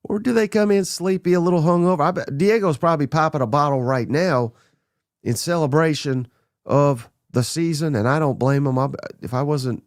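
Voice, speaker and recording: Excitable man, dry close mic. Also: fairly high pitch, no echo. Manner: blunt, excitable, runs through names rapid-fire. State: a little under the weather. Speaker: podcast host. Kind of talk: casual sports talk monologue.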